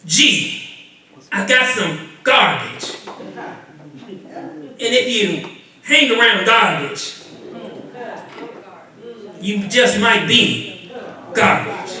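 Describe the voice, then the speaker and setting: A male minister preaches to his congregation, his unusually high voice rising into shouted lines. The sound comes from far back in a large, echoing sanctuary. The crowd's responses carry clearly through the room. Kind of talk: call-and-response sermon. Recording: echoey church miked from afar, congregation audible.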